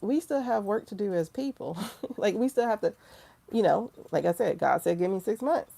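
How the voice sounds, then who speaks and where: A woman's voice: medium pitch, expressive, normal speed, gravelly, mellow. A woman hosting a spiritual livestream, telling a story in casual, candid talk, quoting herself and others with profane asides. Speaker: tarot livestream host.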